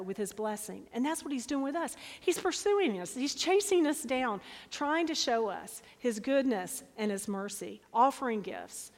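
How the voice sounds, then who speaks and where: A woman preaching a sermon, reading scripture aloud with dramatic, expressive delivery. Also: fairly high pitch. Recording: long hall reverb.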